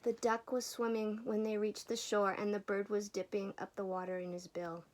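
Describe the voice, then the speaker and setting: A woman reading a picture book aloud, gently, often dropping to a whisper. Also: mid-range voice, flat delivery, moderate pace, a little hiss or hum. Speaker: storyteller.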